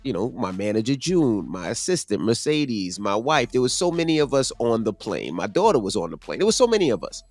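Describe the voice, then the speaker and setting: A man's voice: medium pitch, sing-song, fairly quick, few pauses, darkish tone, no room sound. A man co-hosting a morning radio show, telling a story and defending himself in a chatty way. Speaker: radio co-host.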